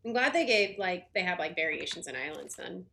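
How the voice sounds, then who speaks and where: A woman's voice: lowish voice, big pitch swings, brisk, vocal fry, sharp tone. A woman chatting casually on a game livestream, talking with lots of fillers and little laughs while she eats and plays. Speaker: game streamer.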